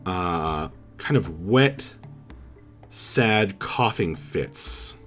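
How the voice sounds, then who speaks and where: A man narrating as dungeon master, slow and halting with many fillers. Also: sits low, expressive, a bit bright, soft background music. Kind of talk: narrating a tabletop game.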